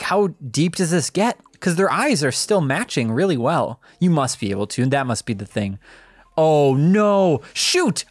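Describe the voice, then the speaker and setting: Offering casual commentary as a video game presenter, a woman with a deep voice reacts excitably out loud and laughs a lot. The recording has no room sound.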